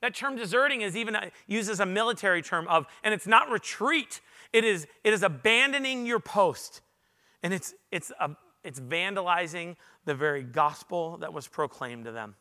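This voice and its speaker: In a church auditorium before a large congregation, a male pastor preaches with a high voice for a man, sharp and ringing in brightness. Expressive and at normal speed, he speaks earnestly, climbing to loud emphatic peaks and sinking into quiet confessional asides.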